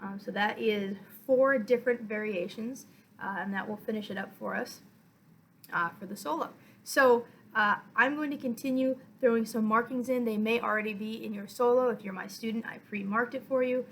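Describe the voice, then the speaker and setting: A woman violin teacher giving a patient, step-by-step lesson, counting beats aloud and filling pauses with "uh" and "um". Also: on the high side, slight background noise, low-quality recording. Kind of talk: online music lesson.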